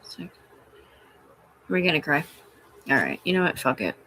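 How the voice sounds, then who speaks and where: A woman's voice: deep voice, sing-song, normal speed, pushed and bright, a little hiss or hum. A woman rambling and swearing casually on a live stream from her room, talking back to her chat. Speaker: livestreamer.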